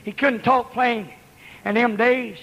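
A male preacher with a strikingly high, bright, piercing voice, hammering out repeated lines in a fiery revival sermon. He shouts in a rhythmic, chanting cadence. The church sound trails off in a long hall reverb. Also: fairly even intonation, slow.

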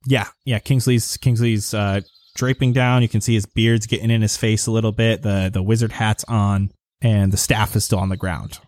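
A man's voice: lowish voice, flat delivery, normal speed, a little mellow. A man narrating a tabletop game as game master, describing scenes loosely with lots of fillers.

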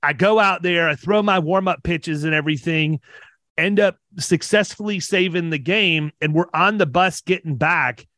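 A man's voice: on the high side, moderate pace, sharp tone, dry recording. A man of around fifty, an insurance business owner, telling casual stories on a podcast with energy, often repeating words and laughing.

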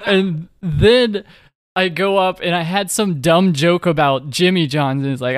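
High, unhurried, giggly male comedian. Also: dry recording, clean studio sound. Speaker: stand-up comedian. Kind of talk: casual storytelling chat.

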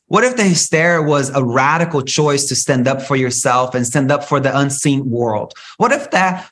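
A man hosts a solo spiritual podcast with a somewhat high voice. He talks in an animated, rant-like flow, swearing freely and swinging his pitch up and down. It sounds like an unscripted monologue. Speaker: podcast host.

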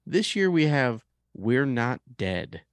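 A man's voice: medium pitch, very animated, slow, clear, resonant tone, no echo. A man co-hosting a casual sports podcast, playful but prone to fretting, rambling a little as he talks. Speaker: podcast co-host.

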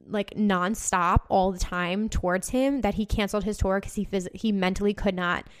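A woman's voice: medium pitch, steady tone, moderate pace, clean tone. A woman hosting a casual talk show, speaking passionately, swearing freely and filling her talk with "like". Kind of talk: casual monologue.

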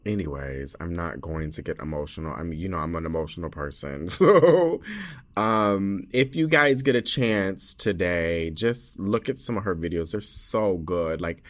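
A man's voice: deep voice, animated, measured pace. A man hosting his own podcast, talking casually and rambling with lots of fillers and laughs. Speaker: podcast host.

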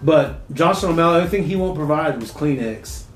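A man's voice: on the high side, animated, brisk. A man chatting casually as a podcast co-host, joking and swearing freely. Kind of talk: casual chat. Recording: echoey room with faint music.

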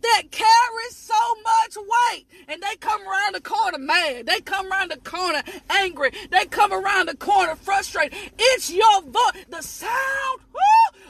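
A woman preaching a fervent sermon, shouting, repeating phrases, letting out sudden high whoops, and talking straight to her listeners. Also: expressive, measured pace. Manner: addresses listeners directly and asks them to repeat after her.

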